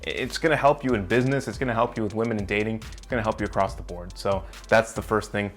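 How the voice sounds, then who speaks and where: Talking fast in a lowish, fairly even voice with a slightly bright edge, this young man runs a casual self-improvement vlog. He addresses viewers head-on like a coach, giving forceful, blunt advice with the occasional curse.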